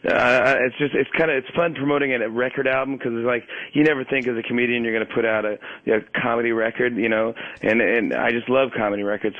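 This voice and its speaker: A man's voice: mid-range voice, no echo. Man telling stories over a dry phone line. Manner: animated, laughing, quick restarts. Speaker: guest comedian. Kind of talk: phone interview, casual storytelling.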